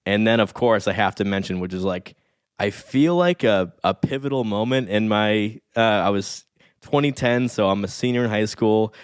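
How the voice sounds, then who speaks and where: A man's voice: lowish voice, normal speed, smooth, no echo, clean studio sound. A man in his thirties, a guest on a podcast, talking casually and with enthusiasm about past comedy episodes. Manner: enthusiastic, reflective, rambling. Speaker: podcast guest, statistics expert.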